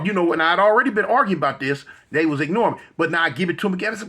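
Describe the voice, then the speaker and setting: Husky high-voiced Los man. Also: fast, few pauses, bright, forceful tone. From Los Angeles. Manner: vivid retelling that acts out the voices of others; repetitive, with frequent restarts and slang. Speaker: guest. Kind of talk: animated storytelling in an interview.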